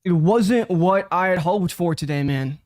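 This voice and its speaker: A man with a slightly high voice gives direct, instructive feedback as a judge. His voice sits dry and close to the mic. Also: unhurried, darkish tone, no room sound. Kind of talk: critique.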